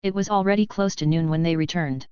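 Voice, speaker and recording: A woman with a lower voice reads a storybook aloud in a steady, unhurried way. Her tone is very smooth and clean, close and dry, though the audio sounds a little muffled. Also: no room sound. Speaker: audiobook narrator. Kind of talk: flat scripted narration.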